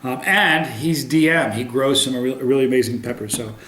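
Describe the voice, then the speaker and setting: A man's voice: medium pitch, moderate pace, background noise. A man doing a casual pepper tasting review to camera, upbeat, with many ums and restarts. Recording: roomy echo.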